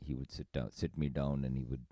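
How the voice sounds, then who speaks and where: A man co-hosting a podcast in casual comedic chat, laughing often and swinging between low mutters and loud bursts. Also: flat delivery, fairly quick, husky, dry recording, studio quality. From Indian family background. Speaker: podcast co-host.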